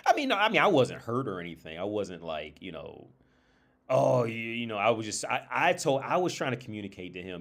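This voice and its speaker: A man's voice: on the low side, very animated, moderate pace, a bit bright. A man telling a story on a casual livestream, rambling with many restarts and filler words. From United States. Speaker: streamer and therapist.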